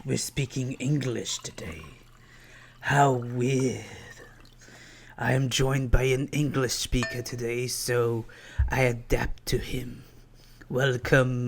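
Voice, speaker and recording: A man doing an impression of a sinister old male galactic emperor, speaking slowly and in a hushed, menacing way. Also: mid-range voice, creaky, slight background noise.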